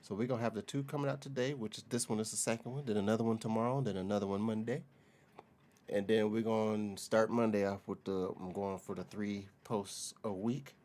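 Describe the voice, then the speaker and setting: An American man hosting a reaction video, chatting in a relaxed, slangy way and laughing often. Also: lowish voice, a little fast. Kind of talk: casual reaction commentary.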